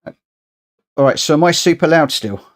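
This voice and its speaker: A man's voice: a little high, animated, fairly quick. Chatty man streaming a race. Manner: chatty, rambling, thinks aloud while adjusting settings. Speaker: streamer hosting a racing lobby. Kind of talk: casual live-stream chat while gaming.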